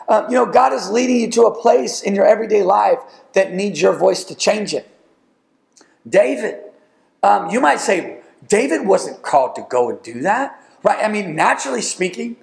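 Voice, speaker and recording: Pastor guy preaching loud n emphatic, high-ish voice, echoey church room. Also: gravelly. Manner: emphatic preaching with rising calls to the congregation. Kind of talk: sermon. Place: church sanctuary.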